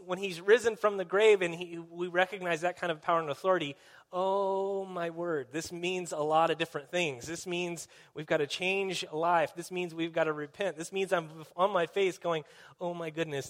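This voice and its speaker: A man's voice: sits high, fairly even intonation, moderate pace, a bit bright. A man as a pastor, preaching a sermon in an earnest, conversational storytelling way.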